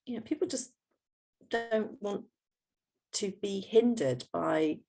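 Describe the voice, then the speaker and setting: A woman's voice: mid-range voice, slow, gravelly, warm tone. A middle-aged woman, a homeopath, explaining her work patiently in an interview, with many fillers and restarts.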